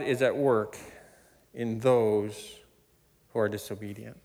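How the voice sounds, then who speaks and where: A man preaching a sermon, emphatic and animated, often laughing between points. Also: takes it slowly. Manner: animated, emphatic preaching with sudden loud high stresses. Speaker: pastor. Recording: long hall reverb.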